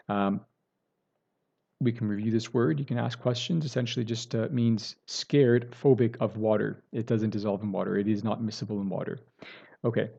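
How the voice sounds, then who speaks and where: Male chemistry teacher, lowish voice, recorded lecture with a muffled computer mic; talks through steps, checks in with the class. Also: vocal fry, dark tone, husky. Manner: explains step by step, self-correcting, many "right?" and "okay" checks.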